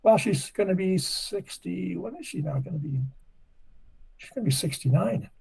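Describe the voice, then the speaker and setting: Husky-voiced older man telling rambling stories. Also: sits high, expressive, moderate pace, darkish tone, poor audio. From Nova Scotia, Canada. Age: 80s. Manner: rambling, chatty storyteller. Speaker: podcast guest. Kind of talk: casual conversation.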